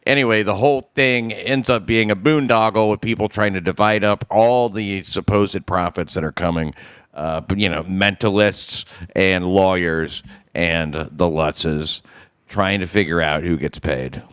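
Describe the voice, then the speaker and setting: Low-voiced man, dry and matter-of-fact. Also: unhurried, fairly bright tone, clean tone, dry recording. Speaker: podcast guest. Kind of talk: casual comedy podcast chat.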